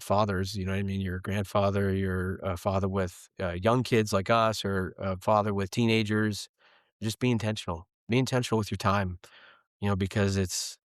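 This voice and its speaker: A man's voice: lowish voice, dry recording, clean studio sound. A man in his thirties, a podcast guest talking candidly and earnestly about faith and family. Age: 30s. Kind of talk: casual faith conversation.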